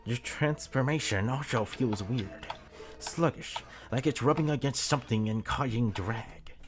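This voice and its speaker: A man's voice: medium pitch, measured pace, music in the background, lightly acted. A man reading the lines of a young male fighter who looks over a friend's weapon, in his own plain voice and stumbling over words now and then. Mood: curious.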